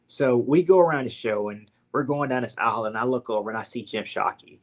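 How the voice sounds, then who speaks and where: A man's voice: medium pitch, a little fast. A young man from Louisiana with a Southern accent, a podcast guest telling his story casually and animatedly, full of "like" and "man". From Louisiana, USA.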